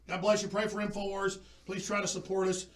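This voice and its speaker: A man's voice: high-pitched, little pitch movement, fairly quick. A man hosting a talk radio show, impassioned and emphatic, often restarting his sentences.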